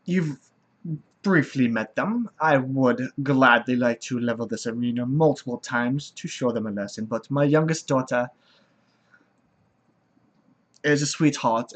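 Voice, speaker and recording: A man voicing a proud, weary godlike mother who speaks in a low, measured way. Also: a bit bright, close to an everyday voice. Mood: dry.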